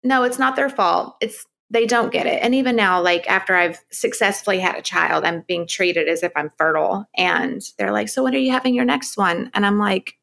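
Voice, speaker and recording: A woman's voice: medium pitch, moderate pace, vocal fry, few pauses, fairly bright tone. A middle-aged woman, a podcast guest, talking openly and emphatically about her life and often laughing. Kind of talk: candid podcast conversation.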